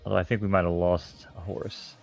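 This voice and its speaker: Man, New York accent, low voice, casual rambling stream host. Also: level tone, fairly quick, vocal fry, faint music behind. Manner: rambling, self-mocking, breaks into laughs. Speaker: stream host and horse owner. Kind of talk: casual live-stream chat.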